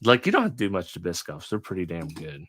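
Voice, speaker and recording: A man's voice: low-pitched, huge pitch swings, quick pace, a bit bright, slightly rough, dry recording. A man co-hosting a casual chat show, telling jokey stories. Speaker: podcast co-host.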